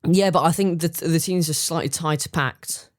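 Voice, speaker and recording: A teenage boy co-hosts a casual debate podcast, halting and hesitant as he works through his points. His voice sits a little high. The sound is dry and close. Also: no room sound. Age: teen. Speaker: podcast co-host, son.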